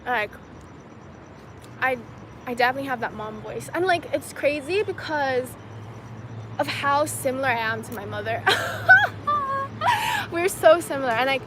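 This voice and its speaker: A woman's voice: high-pitched, lively intonation, normal speed, pauses often, noisy background. A young woman from China hosting a casual livestream outdoors, chatting loosely with lots of "like" and "you know" and laughing often. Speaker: livestream host answering viewer comments. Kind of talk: casual chat.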